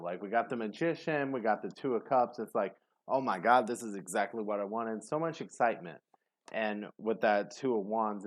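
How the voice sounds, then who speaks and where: A man giving a casual tarot reading to camera, rambling and hesitant, with many fillers. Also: lowish voice. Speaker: tarot reader.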